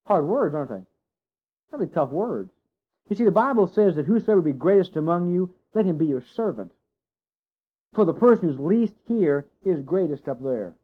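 A man preaching a sermon to his congregation, folksy and animated, full of rhetorical questions. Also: a little high, a little fast. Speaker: pastor. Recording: dull lo-fi sound.

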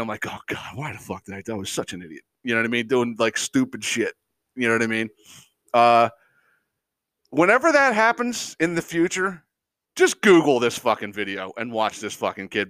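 A man's voice: on the high side, fairly bright tone, dry recording. A man hosting a podcast, ranting casually in a profane, exasperated way with lots of rambling asides and chuckles. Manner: profane, exasperated, mocks people in quick impressions; rambling, unscripted, frequent fillers and chuckles. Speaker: podcast host. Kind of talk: casual comedic rant.

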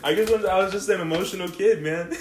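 A man's voice: high voice, fairly quick, a little hiss or hum. A young man telling a rambling, profane story in casual chat, laughing often and saying "like" a lot. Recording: echoey room.

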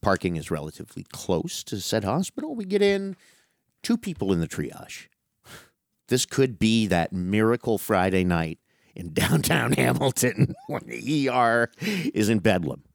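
A middle-aged man telling a long, animated, profane story in casual chat with a friend. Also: lowish voice, measured pace, vocal fry, no room sound, studio quality. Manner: animated, profane, calls listener dude.

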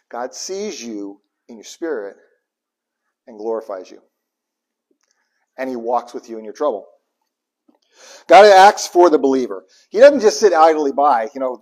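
Preacher, male, husky and a bit breathy, impassioned, chuckles between points. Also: mid-range voice. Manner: impassioned preaching, swings from hushed to loud bursts; chuckles between points, repeats lines for emphasis. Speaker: pastor. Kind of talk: live sermon.

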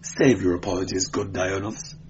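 A man's voice: low voice, level tone, moderate pace, lo-fi sound, noisy background, natural voice. A man voicing a foppish young nobleman who lisps affectedly. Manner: lisping, affected.

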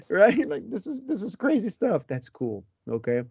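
A man hosting a podcast interview in casual chat, animated, laughing often and acting out quotes. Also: sits high, moderate pace, gravelly, few pauses, slightly rough, dry recording, lo-fi sound. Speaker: podcast host.

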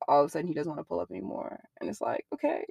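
A young woman in an interview, telling a personal story in a blunt, profane, animated way. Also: low-pitched, very fast, creaky, slightly rough, dry recording, clean studio sound.

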